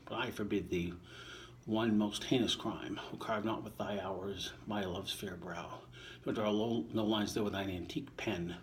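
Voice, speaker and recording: A man's voice: steady tone, unhurried, slight background noise. An older man reading sonnets aloud and chatting offhandedly between them. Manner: recites verse, then chats in a low, offhand voice. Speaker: vlogger reciting sonnets while lifting. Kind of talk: casual recitation between lifts.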